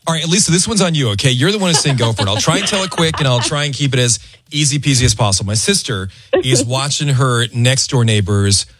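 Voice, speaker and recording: A man hosting a radio call-in show, telling a story in an animated way and acting out the people in it. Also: medium pitch, fast talker. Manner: animated storyteller, acts out quotes. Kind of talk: casual radio chat and storytelling.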